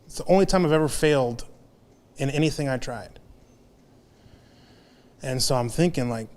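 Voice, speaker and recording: A man's voice: medium pitch, normal speed, a little mellow. A man in his thirties giving a candid, confessional talk as a guest speaker at a men's group, telling his own story with frequent restarts. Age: 30s. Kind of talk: personal testimony talk.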